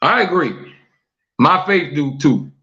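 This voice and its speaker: A man's voice: fairly high pitch, lively intonation, slow pace, pushed and bright, dull audio. A man hosting a live-streamed talk show, repeating questions to his viewers, reading their comments aloud and preaching about forgiveness.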